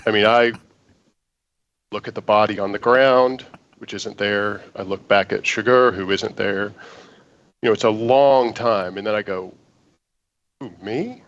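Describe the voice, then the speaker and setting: A man, an actor guest, telling an animated audition story in an interview and acting out the lines he quotes. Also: on the low side, unhurried, pauses often, highs cut off.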